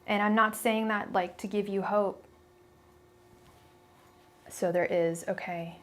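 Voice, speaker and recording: A woman's voice: medium pitch, fairly even intonation, slow. Young female tarot reader, casual and blunt, chatty live-stream talk with stumbles. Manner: chatty, blunt, many restarts and fillers.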